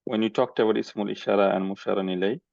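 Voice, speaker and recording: A man's voice: fairly low pitch, fairly even intonation, quick pace, gravelly, darkish tone, no echo. A man teaching a Quranic Arabic class online, explaining patiently and checking in with "okay?" often. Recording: dry, dull lo-fi audio.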